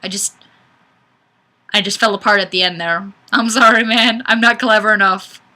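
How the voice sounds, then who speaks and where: A woman's voice: mid-range voice, fairly even intonation, normal speed, sharp tone. A woman hosting a webcam livestream, reading viewer comments in a chatty, self-deprecating way. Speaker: livestream host. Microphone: webcam mic.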